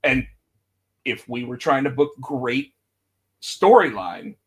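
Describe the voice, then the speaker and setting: A man's voice: slow pace, breathy edge. A man co-hosting a podcast, chatting casually about wrestling and acting out quotes with big jumps in his voice. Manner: animated, acts out quotes with big pitch jumps. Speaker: podcast co-host.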